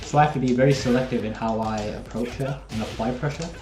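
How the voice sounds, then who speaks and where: A man's voice: medium pitch, quick pace, music in the background. A young man, chatting casually with viewers while commenting on his own live gameplay. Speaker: streamer. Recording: roomy echo.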